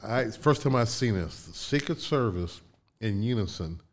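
An older man from Indiana, a guest in a casual interview, tells animated anecdotes with restarts and laughs. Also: fairly low pitch, normal speed, slight background noise. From Indiana, USA.

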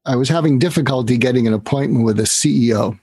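An older man, an author appearing as an interview guest, tells a story at a quick pace, animatedly acting out the voices of its characters. His medium-pitched voice has a breathy edge, with no room sound.

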